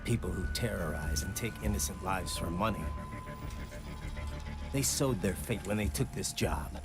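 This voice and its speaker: A man's voice: deep voice, animated, normal speed, over music. An actor playing a cold, blunt adult male cyborg ninja in a video game.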